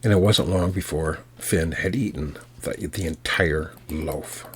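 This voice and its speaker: An American man working as a storyteller, telling a folk tale in an unhurried, folksy way with fillers and restarts. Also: low voice, husky. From United States.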